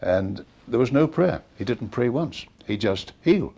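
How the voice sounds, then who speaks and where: A man's voice: medium pitch, unhurried, gravelly. An older man in an interview, telling stories and acting out the dialogue of the people in them. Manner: animated storyteller acting out quoted dialogue. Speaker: interviewee recounting a preacher's ministry. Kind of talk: storytelling interview.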